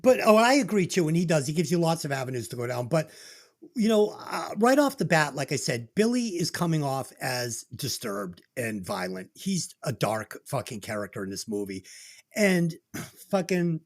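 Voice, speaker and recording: Host going off about a movie, swinging voice up and down, cussing, mid pitch. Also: normal speed. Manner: lively, profane, opinionated. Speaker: podcast host. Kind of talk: casual movie review chat.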